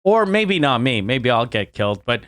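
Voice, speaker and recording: A man with a Quebec French accent co-hosting a comedy podcast, telling crude jokes in animated chat. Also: mid-range voice, normal speed, no echo, clean studio sound. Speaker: podcast co-host.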